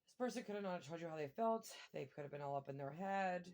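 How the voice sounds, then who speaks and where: A woman giving a casual tarot reading, thinking aloud and breaking into excited exclamations and mild swearing. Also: lowish voice, fast. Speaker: tarot reader.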